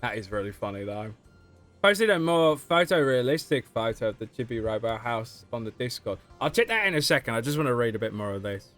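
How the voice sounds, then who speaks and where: A man's voice: mid-range voice, lively intonation, brisk, fairly bright tone, faint music behind. A young man chatting casually on a game livestream, chatty and giggly. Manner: chatty and giggly, often laughing mid-sentence. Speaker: streamer.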